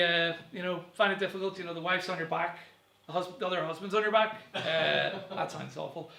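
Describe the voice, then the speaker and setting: A man's voice: on the high side, vocal fry, pushed and bright, reverberant. A young man doing a rambling, self-deprecating stand-up set to camera from home, full of fillers and chuckles at his own jokes. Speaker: stand-up comedian.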